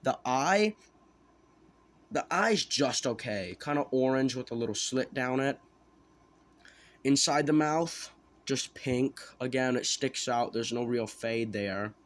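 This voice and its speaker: A man talks through a toy figure review in a loose, unscripted way. He rambles, second-guesses details and corrects himself mid-sentence, with an ordinary mid-pitched voice. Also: animated, takes it slowly. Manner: rambling, self-correcting, thinking aloud. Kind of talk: casual product review.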